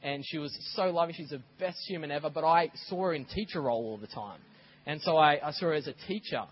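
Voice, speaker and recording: A man preaching a sermon as a pastor, telling stories in a lively way and acting out scenes. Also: fairly high pitch, quick pace, slightly rough, dull audio. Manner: animated storytelling, acts out scenes. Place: church.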